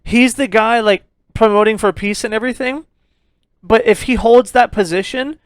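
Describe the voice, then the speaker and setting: A man's voice: sits high, steady tone, normal speed, smooth, dry recording, clean studio sound. A man co-hosting a casual movie review podcast, swearing freely and laughing often. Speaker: podcast co-host.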